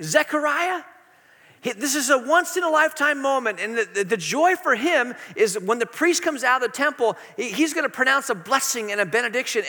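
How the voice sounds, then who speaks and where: Pastor guy preaching, earnest and emphatic, high voice, long echoey hall. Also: bright, forceful tone. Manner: earnest and emphatic, with frequent repetitions. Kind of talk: sermon.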